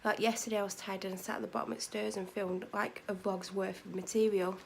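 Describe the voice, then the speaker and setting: A woman rambles through a casual vlog, tired and unhurried. Her voice has a gravelly, creaky edge at a middle pitch, and she often corrects herself mid-sentence. Now and then she sinks to a near-whisper. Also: little pitch movement, slight background noise. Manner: meandering, self-correcting, drops to near-whispers at times. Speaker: vlogger.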